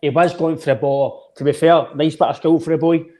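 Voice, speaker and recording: Emphatic Scottish man, slightly high voice. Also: fairly even intonation, brisk, mellow. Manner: emphatic, restarts phrases often, says "mate" a lot. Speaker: podcast co-host. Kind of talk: casual football chat.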